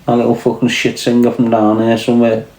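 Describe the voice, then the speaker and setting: A man's voice: mid-range voice, monotone, quick pace, vocal fry, darkish tone, reverberant, slight background noise. A man with a Scouse accent hosting a casual livestream, trading crude, swearing, mocking banter with his chat. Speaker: livestream host reading chat.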